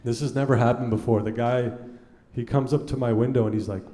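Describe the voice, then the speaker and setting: A man's voice: mid-range voice, fairly even intonation, quick pace, dark tone, reverberant. A man in his thirties doing a stand-up comedy set on a theater stage, talking casually and profanely and acting out his dialogue. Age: 30s. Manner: conversational, profane, acts out dialogue.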